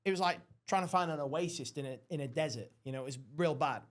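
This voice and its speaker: A man with a high voice hosts a casual podcast chat. He tells long, rambling stories and swears freely along the way. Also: fast. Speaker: podcast host.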